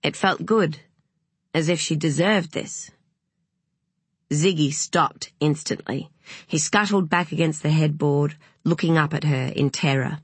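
A woman narrating an audiobook in a measured, unhurried way, with a breathy voice. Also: low-pitched, no room sound.

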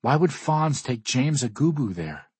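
A man's voice: medium pitch, sing-song, measured pace, breathy edge, no echo, voice pushed up, full character voice. A man voicing a fierce, skeptical young woman archer who speaks sharply and defiantly in an audiobook. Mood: pressing.

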